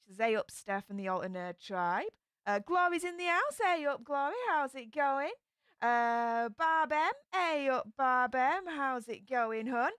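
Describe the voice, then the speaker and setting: A woman's voice: high voice, animated, unhurried, fairly bright tone, smooth, no room sound, studio quality. A young woman with a Yorkshire accent chatting casually on a live stream, greeting viewers by name. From England.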